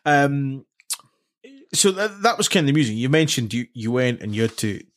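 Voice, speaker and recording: A man hosting a casual interview, reacting with quick enthusiastic approval and asking follow-up questions. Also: mid-range voice, sing-song. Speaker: podcast host.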